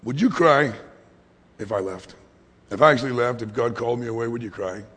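A man preaching a sermon as pastor, swinging from hushed whispers to loud, emphatic lines. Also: mid-range voice, fairly quick. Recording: long hall reverb.

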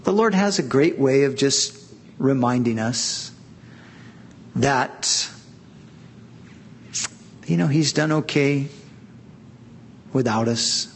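A middle-aged man preaching with slow, deliberate pacing and long pauses between phrases. He drives his points home with earnest emphasis. A faint ambient hiss sits under his voice. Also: medium pitch. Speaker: pastor. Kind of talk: sermon.

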